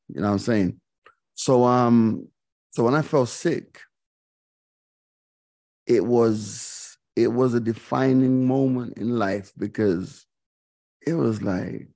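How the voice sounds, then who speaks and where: A man's voice: on the low side, vocal fry, mellow. A middle-aged man, a guest on a podcast, telling a personal story candidly and reflectively, repeating phrases and using many fillers. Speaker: guest, DJ and radio host.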